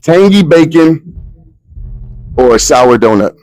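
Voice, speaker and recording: Excitable New York man interviewing backstage. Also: on the high side, takes it slowly, faint music behind, low-quality recording. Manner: excitable, profane, playful. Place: backstage at a live show.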